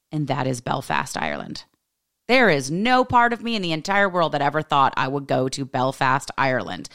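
A woman hosts her own podcast, musing aloud in a candid, expressive personal monologue and swearing freely. Her voice has a gravelly fry running under a smooth, resonant tone. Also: very deep voice. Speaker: podcast host.

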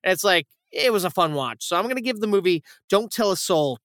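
A young man speaking a little fast in a high voice hosts a film-review podcast, giving a casual, rambling, profane plot recap full of animated acted quotes. The recording is studio quality with no echo.

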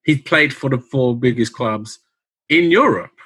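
A man's voice: medium pitch, animated, measured pace, fairly bright tone, slightly rough. A man co-hosting a casual podcast, thinking aloud, asking questions and checking his notes. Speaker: podcast co-host. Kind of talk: casual chat.

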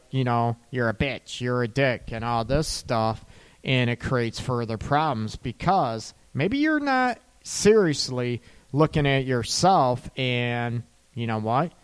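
Animated man hosting a counseling show. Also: a little high, smooth. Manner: animated, acts out couples in quick asides, laughs between points. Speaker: counselor and radio show host. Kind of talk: call-in radio advice talk.

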